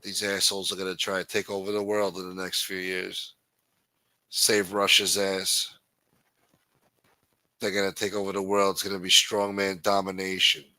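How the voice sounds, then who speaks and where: Profane, forceful low-voiced man. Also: monotone, normal speed, pauses often, no room sound, rough recording. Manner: profane, angry, blunt. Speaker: host. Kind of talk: livestream political rant.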